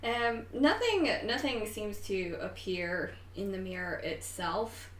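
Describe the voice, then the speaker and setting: A woman's voice: mid-range voice, expressive, takes it slowly, a bit bright, a little hiss or hum. A woman running a tabletop game as game master, narrating with lots of fillers and frequent laughter. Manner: giggly, hesitant with fillers. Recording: echoey room, mic at a distance.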